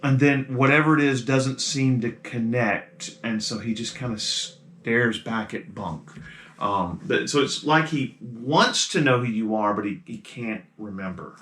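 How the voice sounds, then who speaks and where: A man narrating as game master of a tabletop game, in a loose, halting way with frequent fillers and restarts. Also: mid-range voice, a bit bright. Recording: echoey room.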